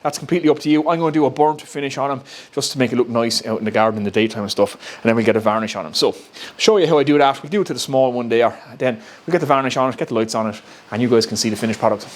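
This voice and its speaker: This Irish woodworking YouTuber explains a build step by step from his home workshop, chatty and quick to laugh at himself. His medium-pitched voice races along very fast with hardly any pauses.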